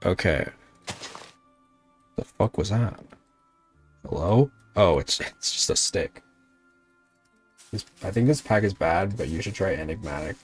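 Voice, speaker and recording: Low, slow grumbling male streamer. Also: expressive, faint music behind. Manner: grumbling, talks back to chat, swears at the game. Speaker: VTuber streamer. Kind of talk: casual gaming livestream chat.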